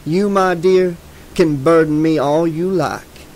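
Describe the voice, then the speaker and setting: A courteous killer in an audiobook thriller, silky and patronizing, with a slightly raised, even tone, as a male narrator puts him on. Faint noise hums under the reading. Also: a little high, slow pace. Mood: smooth, probing. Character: polite sinister middle-aged man, smooth charmer.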